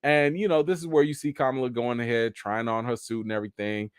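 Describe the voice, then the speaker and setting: A man's voice: mid-range voice, steady tone, quick pace, clear, resonant tone, dry recording, studio quality. A man hosting a casual live chat, reading out viewer comments and acting out the characters' lines in raised voices. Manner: reads out and answers viewer comments. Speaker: live stream host.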